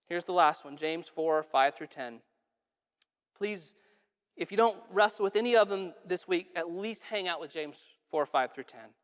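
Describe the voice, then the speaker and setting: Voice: medium pitch, lively intonation, a little slow. Conversational preacher in a reverberant sanctuary. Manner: conversational preaching with asides and questions to the congregation. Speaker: pastor. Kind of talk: sermon. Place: church sanctuary. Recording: long church reverb.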